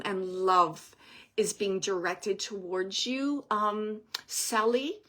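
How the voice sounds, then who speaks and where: A woman reading oracle cards as a medium, speaking gently and reassuringly, thinking aloud with many fillers and pauses. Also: mid-range voice. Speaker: oracle card reader and medium. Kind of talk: intuitive card reading for a viewer.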